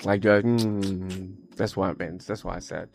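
A man hosting a radio show in a studio, teasing his guest in a playful way and dropping into quiet asides. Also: sits low, steady tone, unhurried, creaky, slight background noise. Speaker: radio presenter. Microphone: studio microphone. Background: music playing.

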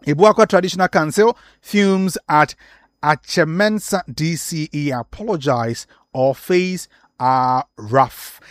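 A man with a Ghanaian accent reviewing the morning's newspaper headlines, reading briskly with short asides and fillers. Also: high voice, no room sound, clean studio sound.

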